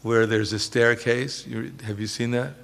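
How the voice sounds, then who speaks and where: A man's voice: medium pitch, steady tone, measured pace, vocal fry, fairly bright tone. A man giving a religious lecture as a swami, telling humorous stories and chuckling often.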